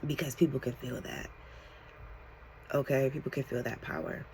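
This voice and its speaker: A woman giving a channeled tarot reading to her viewers, excitable and animated, talking casually with lots of slang and "like". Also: very deep voice, moderate pace, creaky, background noise. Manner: excitable, animated, fills talk with "like". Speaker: tarot reader.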